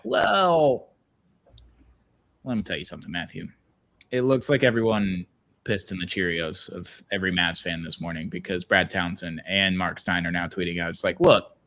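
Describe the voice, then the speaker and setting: Low-voiced man hosting a casual chat. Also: fairly bright tone. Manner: rambling, reads viewer chat aloud. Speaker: podcast host. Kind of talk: casual watch-along chat.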